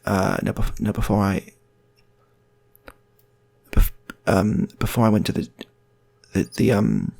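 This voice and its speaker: A man voicing a gaunt, decrepit man back from the dead who talks slowly and rambles with many fillers. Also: a little high, expressive, breathy edge, voice pushed up, heavily acted. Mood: rambling. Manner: slow, halting and rambling.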